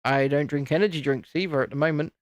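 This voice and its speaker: A chatty man hosting a relaxed live stream from home, talking while he builds. His voice sits a little high, and the sound is close and dry with little room to it. He teases and jokes in a self-deprecating way. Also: quick pace, no room sound.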